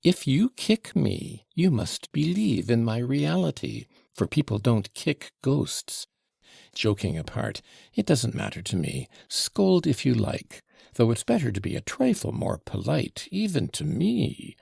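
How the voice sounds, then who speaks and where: A man voicing the devil in an audiobook, a fawning gentleman visitor who mocks in mock-polite, ingratiating tones. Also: medium pitch, sing-song, measured pace, vocal fry, husky, no echo, clean studio sound, exaggerated voice. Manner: mocking, fawning, mock-polite, with French flourishes. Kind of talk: audiobook character reading.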